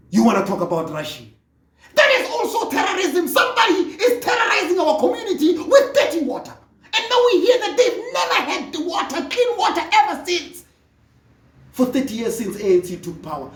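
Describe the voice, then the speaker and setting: A speaker from Africa, delivering an impassioned political monologue that often rises to a shout. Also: mid-range voice, roomy sound, distant mic. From South Africa. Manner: fervent, often rising to a shout.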